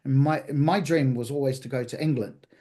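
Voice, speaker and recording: A man's voice: mid-range voice, moderate pace, mellow. A man with a New Zealand accent, a chef guest on a podcast, telling candid, profane stories about his past. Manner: candid, profane, vivid anecdotal storytelling. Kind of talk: casual storytelling interview.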